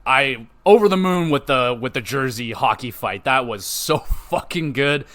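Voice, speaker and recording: A man's voice: medium pitch, a little slow. A man hosting a podcast, gushing and swearing as he recaps a show he loved. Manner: excitable, profane, gushing fan. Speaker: podcast host.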